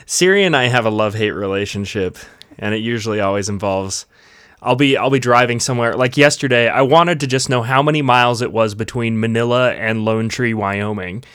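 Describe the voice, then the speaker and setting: A man's voice: medium pitch, a little fast, fairly bright tone, clear, resonant tone, no echo, studio quality. A man in casual podcast chat, telling stories, swearing when frustrated and laughing at himself.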